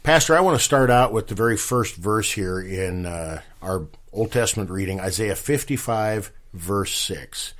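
A man hosting a talk show, questioning a pastor and expounding on scripture with frequent pauses. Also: on the low side, lively intonation, a bit bright. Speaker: host.

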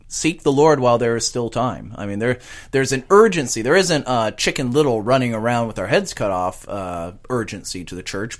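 A man, a pastor, answering questions on a talk show earnestly, with many hesitations. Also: medium pitch.

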